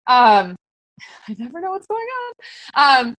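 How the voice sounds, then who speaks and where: A woman's voice: high voice, big pitch swings, measured pace, fairly bright tone, no echo, rough recording. Chatty, conversational woman coaching peers. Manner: very conversational, chatty with many fillers. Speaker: fitness business coach. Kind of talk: casual teaching talk to fellow coaches.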